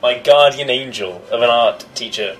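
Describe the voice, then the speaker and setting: A man's voice: medium pitch, moderate pace, fairly bright tone, soft background music, poor audio. A young man telling a story in casual chat, swearing freely and acting out the other people's voices.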